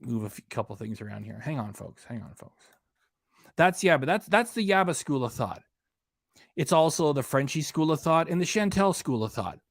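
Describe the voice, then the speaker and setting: Guy ranting on his reaction channel, fired up, kinda high voice, dry close sound. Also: big pitch swings, fairly quick, no echo. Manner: indignant, emphatic, repeats points. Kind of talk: casual commentary rant.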